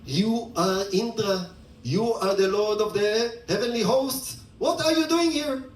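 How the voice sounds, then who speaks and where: Outraged gods, voiced by a man: high, indignant, exclaiming, roomy distant sound. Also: a little slow, slight background noise. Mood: stern. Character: crowd of shocked heavenly gods. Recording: roomy, distant mic, faint ambience.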